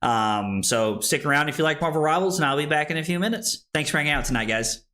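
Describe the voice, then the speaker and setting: A man streaming a card game, tipsy, excitable and laughing as he chats and swears. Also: on the high side, quick pace, background noise. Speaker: livestreamer. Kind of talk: casual livestream chat. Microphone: streaming microphone.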